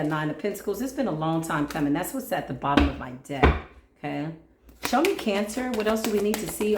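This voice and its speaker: A woman giving a casual, playful tarot reading, talking straight to her viewers with lively energy. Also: on the low side, echoey room. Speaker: tarot reader.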